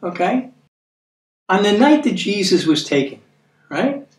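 A man with an American accent giving a conversational sermon, earnest, repeating words for emphasis and reading scripture slowly. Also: sits high, big pitch swings. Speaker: preacher. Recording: echoey room, mic at a distance.

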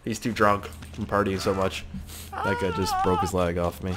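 A young man giving joking, excitable let's-play commentary as a gaming YouTuber, swearing a lot as he goes. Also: low voice, moderate pace.

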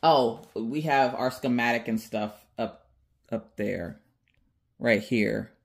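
A woman hosting an unboxing vlog, chatty and excitable, talking straight to her viewers. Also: extremely low pitch, slow pace, creaky. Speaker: craft channel host.

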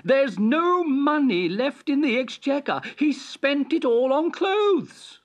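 Storybook: reader voicing a worried chancellor, high and pleading. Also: expressive, takes it slowly. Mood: anxious. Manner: anxious, pleading. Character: worried royal chancellor, man. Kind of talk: storybook reading.

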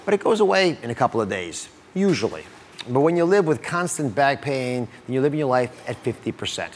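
Fast, lively male talk show host. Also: mid-range voice, in a large hall, slight background noise. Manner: playful, jokey, quizzing guests. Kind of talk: studio talk show hosting. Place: TV studio with audience.

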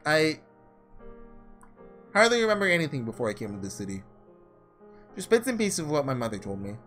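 A man voicing an earnest, principled young ruler, reading in a measured, formal way. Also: a little high, sing-song, a bit bright, soft background music.

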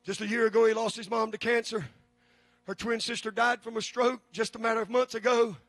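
A man preaching a sermon, building to shouted, drawn-out peaks and then dropping low and quiet. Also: flat delivery, no room sound. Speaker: pastor.

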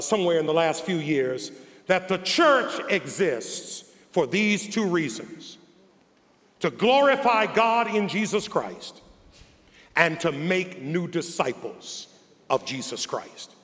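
A man, a bishop, preaching a sermon with repeated phrases and folksy asides, building from drawn-out quiet lines to shouted, rising calls. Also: on the high side, animated, big-room sound.

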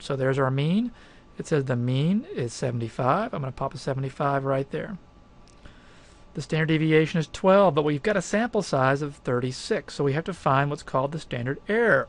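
A man teaches statistics in a recorded lecture, working through a problem step by step in a conversational, emphatic way and thinking aloud with fillers. His voice is a little high and his speed normal.

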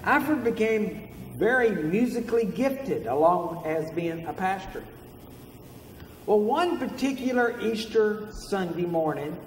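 High-voiced preacher in a roomy church. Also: male voice, far from the mic, a little hiss or hum. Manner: earnest storytelling preacher. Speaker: pastor. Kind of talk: sermon. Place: church sanctuary. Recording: roomy hall from afar.

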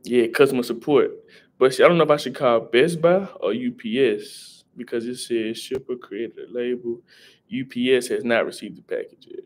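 A man's voice: medium pitch, moderate pace. A young man, rambling casually on a live stream and greeting viewers in chat. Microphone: headset.

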